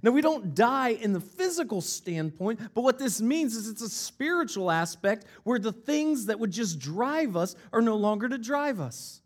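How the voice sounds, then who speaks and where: A man's voice: extremely high pitch, very animated, moderate pace, hardly any pauses. A man preaching a sermon, stressing points with rhetorical questions and repeated lines. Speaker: pastor.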